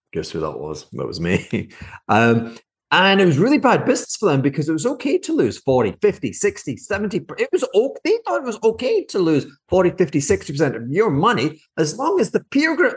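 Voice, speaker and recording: A middle-aged man and former fund manager giving cranky, mocking commentary on a TV interview he is watching. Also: on the high side. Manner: mocking, cranky, animated asides. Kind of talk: sarcastic reaction commentary.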